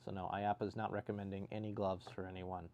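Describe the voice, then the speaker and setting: A man's voice: low voice, flat delivery, fast, darkish tone, a little hiss or hum. A man hosting a casual livestream, reading viewer comments aloud and answering them with dry, sarcastic jokes. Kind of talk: casual chat.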